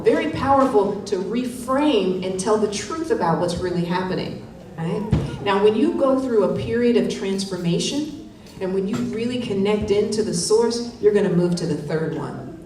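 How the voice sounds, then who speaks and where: Her mid-range voice is a little mellow and moves at normal speed as she runs a live wellness workshop in a conference hall. She coaches the audience, checking in with "right?" after her points; the hall is very echoey, the mic distant, with faint noise.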